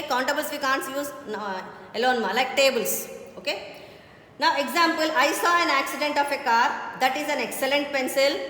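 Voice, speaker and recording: A woman's voice: high voice, pushed and bright. A woman teaches a grammar lesson, explaining step by step and often checking with "okay?". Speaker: English teacher. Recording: very echoey hall with faint background noise.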